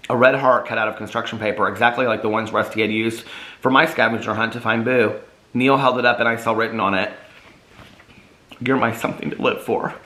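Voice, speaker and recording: A man's voice: on the low side, steady tone, fast talker, bright, forceful tone, roomy sound, rough recording. A man reading his own novel aloud in first person, earnest and emotional.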